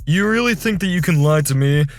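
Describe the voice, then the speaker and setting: Man playing stern office manager, firm, scolding, high pitched voice, animated drama. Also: a little fast, soft background music, lightly acted.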